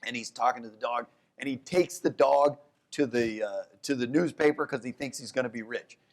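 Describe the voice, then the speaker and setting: A man, an economics professor, talking economics onstage at a live event, animated, often restarting his sentences. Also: moderate pace. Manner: animated storyteller, jumps to high voices for quotes; restarts and self-corrections. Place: downtown event hall with live audience.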